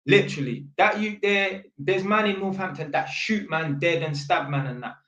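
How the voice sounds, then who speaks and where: A man tells a story in a rambling, slang-heavy way, stopping and restarting often. His voice sits a little high for a man. The sound is roomy, with a clear echo around him. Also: moderate pace, sharp tone. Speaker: electrician. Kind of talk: storytelling vlog.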